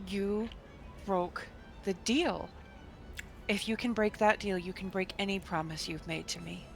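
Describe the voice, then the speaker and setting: A woman's voice: mid-range voice, steady tone, unhurried, gravelly, soft background music. A woman playing her character in a tabletop game, speaking firmly in character. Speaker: player. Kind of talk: in-character tabletop role-play.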